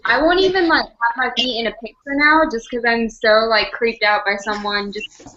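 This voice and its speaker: Bright-voiced woman on a video call. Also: on the high side, moderate pace, muffled recording. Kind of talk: casual group video chat.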